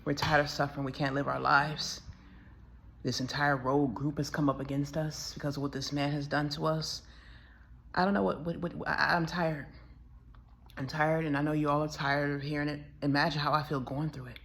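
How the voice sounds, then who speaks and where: Weary low-voiced woman with a gravelly edge. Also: level tone, moderate pace, a bit bright. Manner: weary, aggrieved, repeats herself. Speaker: vlogger. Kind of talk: emotional monologue to camera.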